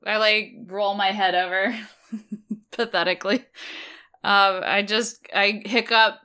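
A woman's voice: mid-range voice, fairly even intonation, slow pace, pushed and bright, smooth. A woman playing a tabletop game, rambling with lots of fillers and swearing now and then. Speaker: player. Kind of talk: casual chat, tabletop role-play.

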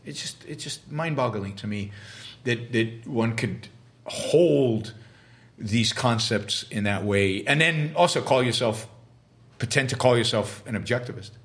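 A man hosting a live show, reading out viewer questions and answering them off the cuff. He is emphatic but halting, repeating and restarting words. His voice sits in an ordinary middle pitch. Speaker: host.

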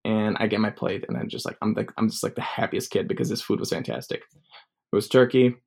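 A man's voice: lowish voice, brisk, vocal fry, darkish tone. A man in his twenties telling a personal story casually, rambling with many fillers. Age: 20s.

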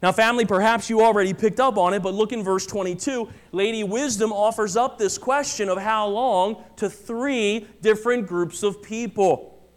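A man's voice: sits high, moderate pace. A pastor preaching a sermon to his congregation, earnest and emphatic, repeating key phrases for weight. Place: church.

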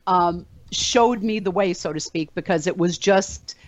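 A woman speaks as a motivational speaker to a small group, telling animated stories with plenty of ums and uhs. The recording sounds dull and lo-fi, with a dry, close sound. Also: lowish voice, unhurried, no room sound. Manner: animated storytelling with fillers. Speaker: motivational speaker and meetup organizer. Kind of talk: casual talk to a group.

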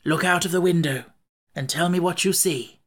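A woman voicing a calm, thoughtful male scarecrow who speaks in a measured way, in an audiobook reading. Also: fairly low pitch, pitched above the performer's own voice. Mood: quiet. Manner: measured, deliberate.

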